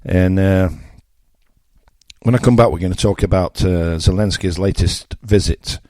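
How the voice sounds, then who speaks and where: Blunt older English radio presenter, low and dry. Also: male voice, unhurried, mellow, no room sound. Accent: Yorkshire English. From England. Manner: blunt, mocking, conversational with asides. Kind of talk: opinionated radio monologue.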